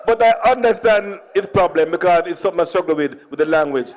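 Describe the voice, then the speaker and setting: A man's voice: high-pitched, fast. Jamaican man telling comic stories. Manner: mixes Jamaican Creole with standard English, chuckles at own jokes. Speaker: conference speaker. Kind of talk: comic storytelling speech.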